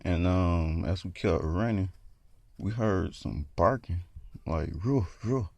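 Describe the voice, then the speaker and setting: Man, deep voice, gravelly, casual rambling horror story, dry close sound. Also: slow pace, a little mellow, no room sound. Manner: rambling, lots of "like" fillers.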